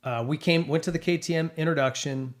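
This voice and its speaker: A man's voice: fairly high pitch, steady tone, fairly quick. Chatty middle-aged man talking racing. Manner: enthusiastic, rambling with fillers. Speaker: podcast co-host. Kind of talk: casual chat about racing.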